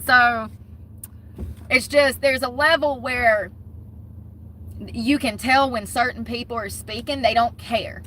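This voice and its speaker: Blunt, bright-voiced Southern woman ranting. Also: fairly high pitch, fairly even intonation, slow, long pauses, a little hiss or hum. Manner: blunt, heated, swears freely. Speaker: vlogger. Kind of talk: casual ranting vlog.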